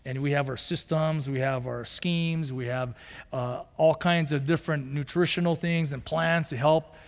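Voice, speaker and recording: High-voiced emphatic male pastor in a reverberant hall. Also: steady tone, moderate pace. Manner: emphatic, builds to high-pitched declarations; conversational asides and rhetorical questions. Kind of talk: sermon. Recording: long reverb of a large hall.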